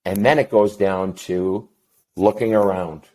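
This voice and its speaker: A middle-aged man, a counselor talking as an interview guest, telling a story in a blunt, profane and animated way. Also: sits low, a little slow. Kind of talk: casual interview chat.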